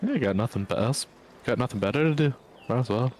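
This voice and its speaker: Casual male player at a tabletop game, quick delivery. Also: mid-range voice, expressive, darkish tone, a little hiss or hum.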